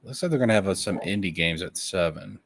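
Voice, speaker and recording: A man hosting a casual gaming chat, excitable, laughing and swearing often. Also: low-pitched, fast, noisy background. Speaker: host.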